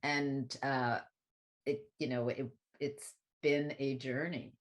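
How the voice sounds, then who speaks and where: Low-voiced woman telling a personal story. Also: slow. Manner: reflective, animated when quoting others. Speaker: guest speaker on spiritual teaching. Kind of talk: conversational storytelling.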